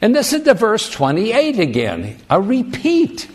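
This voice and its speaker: Animated male preacher. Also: high-pitched, unhurried, hardly any pauses, slightly rough. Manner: animated, emphatic, asks rhetorical questions. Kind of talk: sermon.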